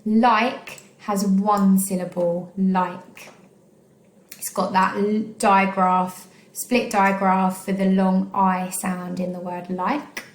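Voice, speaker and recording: A woman teaching a recorded online phonics lesson, slowly sounding out each syllable of words for young pupils. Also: mid-range voice, little pitch movement, echoey room. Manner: slow, clearly sounding out syllables. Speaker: primary school teacher.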